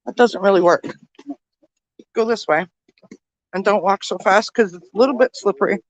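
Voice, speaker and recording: A woman walks and talks into a handheld phone outdoors in a snowy resort village, a little out of breath. She chats with her viewers as friends, her voice in the middle pitch range and close and dry. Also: moderate pace, no room sound, dull audio. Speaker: vlogger. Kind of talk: walking vlog.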